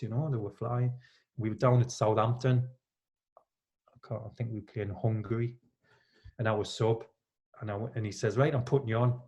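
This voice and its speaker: A Geordie man in his fifties, a former footballer, chatting in a relaxed way and telling anecdotes as a podcast guest. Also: medium pitch. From Newcastle, England. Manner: storytelling, acts out quoted lines with laughs.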